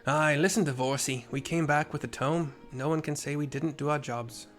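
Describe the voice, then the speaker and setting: A man voicing a brash, teasing young male soldier in a game, reading him loudly with a rough put-on accent. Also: fairly high pitch, lively intonation, a little fast, faint music behind, pitched above the performer's own voice, close to an everyday voice.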